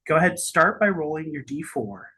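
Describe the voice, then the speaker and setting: A game master narrating a tabletop game in a halting way, with many restarts and fillers. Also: medium pitch, sing-song, sharp tone, husky.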